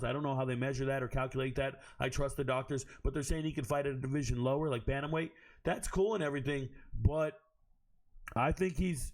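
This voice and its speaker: A man hoarse from screaming, giving a blunt, profane and animated monologue recapping fights and bets as the show's host. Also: mid-range voice. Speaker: MMA betting analyst.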